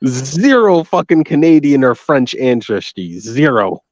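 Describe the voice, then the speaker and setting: A man with a Massachusetts accent, a guest on a casual livestream chat, blunt and profane and quick to laugh. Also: medium pitch, sing-song, a little mellow, no echo. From Massachusetts, United States. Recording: dry, dull lo-fi audio.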